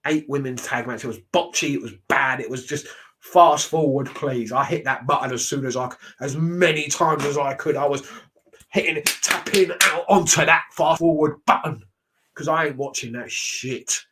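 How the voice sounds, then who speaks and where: A man's voice: medium pitch, moderate pace, a bit bright, slight background noise. A man, casually reacting to wrestling shows, blunt and ranting, swearing freely.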